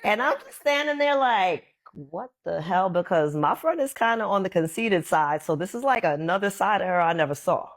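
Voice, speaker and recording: A woman's voice: mid-range voice, moderate pace, few pauses. A woman being interviewed, telling a long casual story and acting out what people said in other voices. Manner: animated, acts out quotes in other voices. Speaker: interview guest.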